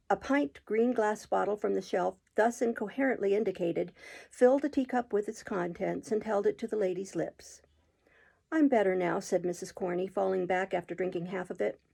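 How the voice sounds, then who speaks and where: A woman reading a classic novel aloud in a measured storytelling manner, with occasional slips and restarts. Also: medium pitch, gravelly, mellow, slightly rough. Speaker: audiobook reader.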